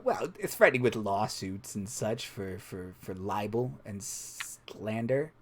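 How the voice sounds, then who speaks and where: A man's voice: lowish voice, expressive, measured pace, voice pushed down. A man playing a stammering radio messenger. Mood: flustered. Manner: hesitant, stammering. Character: nervous male radio station messenger.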